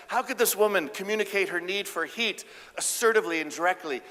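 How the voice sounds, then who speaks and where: A man giving an animated, humorous keynote speech about relationships on a conference stage. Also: sits high, a little fast, few pauses. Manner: animated, acts out voices, audience banter. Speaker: keynote speaker and relationship counselor. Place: conference stage before a live audience. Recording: echoey conference hall.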